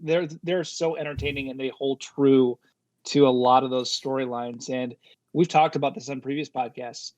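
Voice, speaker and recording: A man's voice: medium pitch, moderate pace, no room sound. A man talking casually as a podcast guest, getting fired up and swearing as he talks. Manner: fired-up, swears when excited.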